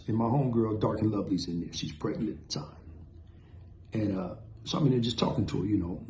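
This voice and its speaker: A middle-aged man from Compton telling street stories in a lively, casual way. He acts out the quotes and the punches with sound effects. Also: mid-range voice, creaky, reverberant, slight background noise. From Compton, California. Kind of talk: casual storytelling.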